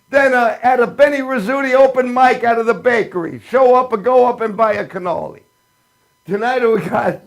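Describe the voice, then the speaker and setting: A man voicing a boastful Italian immigrant pizza-maker who announces a comedy show in broken English with a put-on Italian accent. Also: extremely high pitch. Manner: broken English, grandly theatrical.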